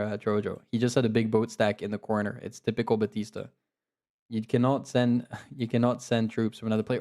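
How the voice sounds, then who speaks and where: Excitable man commentating a live game. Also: on the low side, brisk. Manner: excitable, laughing, cheering players on. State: tired. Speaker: game commentator and league host.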